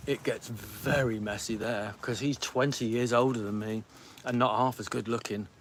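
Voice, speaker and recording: A middle-aged man live-streams from home as a podcast host, grumbling and theatrically pleading with viewers in casual chat. His mid-pitched voice holds a steady tone as he rattles along at an auctioneer's rapid-fire clip, with a faint hiss in the background.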